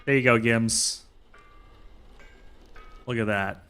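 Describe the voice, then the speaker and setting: A man's voice: medium pitch, steady tone, takes it slowly, sharp tone, clean tone, faint music behind. A man streaming a survival game, chatting to himself in a jokey way and laughing often. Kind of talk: casual gameplay commentary.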